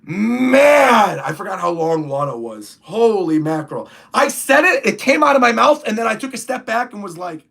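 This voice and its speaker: A man's voice: high-pitched, very animated, unhurried, vocal fry, a bit bright, husky. Chatty man on a reaction livestream. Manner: chatty, rambling, reads chat aloud. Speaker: streamer reacting to a comic chapter. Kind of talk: casual livestream commentary.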